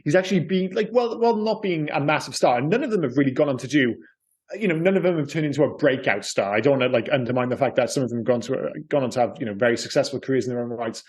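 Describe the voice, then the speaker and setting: A man's voice: mid-range voice, rapid-fire, darkish tone. A man co-hosting a film podcast, joking, swearing and laughing often in casual chat. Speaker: podcast co-host.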